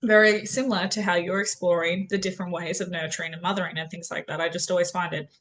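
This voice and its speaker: A woman hosting an author interview over a video call, enthusiastic and gushing as she fires off quick questions. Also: fairly low pitch, level tone, a bit bright. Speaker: interview host. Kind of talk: casual interview chat.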